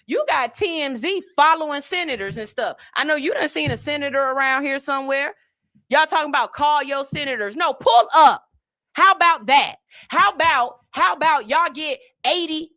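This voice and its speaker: A woman's voice: high voice, sharp tone. A woman hosting a podcast, delivering blunt, profane, emphatic commentary in a casual style. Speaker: podcast host.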